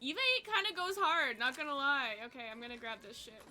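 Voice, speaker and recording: Excitable, swearing woman streamer. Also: sits high, fast talker. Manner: excitable, profane, laughs often. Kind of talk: casual gaming livestream.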